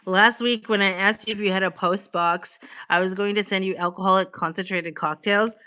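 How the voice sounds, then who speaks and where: A woman's voice: medium pitch, fairly even intonation, normal speed, bright, forceful tone, clear, resonant tone. Young woman, casual livestream chat, laughs a lot, swears casually, chatty. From Boston, USA. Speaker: livestream host.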